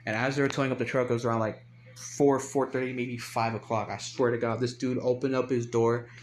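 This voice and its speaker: A man's voice: mid-range voice, little pitch movement, fairly quick, a little hiss or hum. A young man telling a rambling, profane story in casual speech, recorded on a phone. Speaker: storyteller vlogger. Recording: dull lo-fi phone audio.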